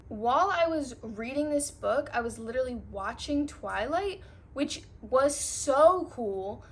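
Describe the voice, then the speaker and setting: A young woman talking casually and gushing about books, with lots of filler words. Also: high voice. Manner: gushing, filler-heavy chatter. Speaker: book reviewer. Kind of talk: casual reading recap.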